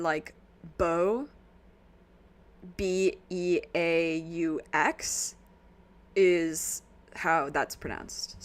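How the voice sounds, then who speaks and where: A woman's voice: fairly low pitch, fairly bright tone. An American woman streaming a game, chatting casually and laughing often between jokey asides. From United States. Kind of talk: casual let's-play commentary.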